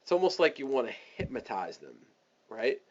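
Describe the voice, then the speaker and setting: A man teaching a webinar, giving energetic step-by-step sales coaching and acting out the scripts for his listeners. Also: medium pitch, moderate pace, breathy edge, muffled recording. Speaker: online marketing coach.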